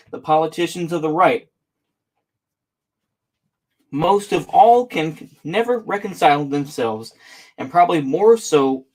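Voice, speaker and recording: A man reading a memoir aloud in a relaxed, halting way, pausing to fix his misreadings and add casual asides. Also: fairly high pitch. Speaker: audiobook reader.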